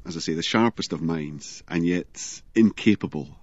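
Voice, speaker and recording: Man, low voice, admiring interviewee; dry, close, slightly muffled sound. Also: normal speed, a little mellow, dry recording. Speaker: interviewee recalling a colleague. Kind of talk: reminiscing interview.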